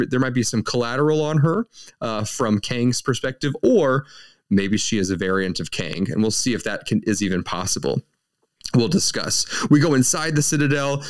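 A man co-hosting a podcast, recapping a show in a rambling, casual way with lots of fillers and restarts. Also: fairly low pitch. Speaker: podcast co-host.

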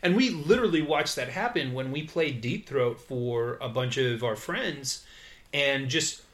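A man co-hosting a podcast, reviewing a film in relaxed chat full of fillers and acted-out quotes. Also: mid-range voice, measured pace. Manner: relaxed, uses many fillers, acts out quotes. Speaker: podcast co-host.

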